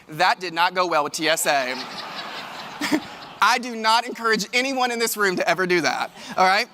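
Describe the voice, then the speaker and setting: Male keynote speaker, high bright voice, animated storyteller, big hall reverb. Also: normal speed. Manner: animated, addresses the audience directly. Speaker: keynote speaker and leadership coach. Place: large event hall.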